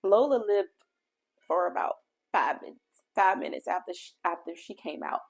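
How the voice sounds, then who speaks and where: A woman's voice: mid-range voice, animated, normal speed, husky. A woman podcast host telling a personal faith testimony in an earnest, heartfelt way, speaking directly to her listeners.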